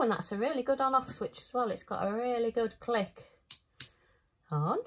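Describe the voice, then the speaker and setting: A woman, chatting casually as she unboxes a craft kit. She thinks aloud and breaks into bright little exclamations. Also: mid-range voice, normal speed, noisy background. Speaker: craft vlogger.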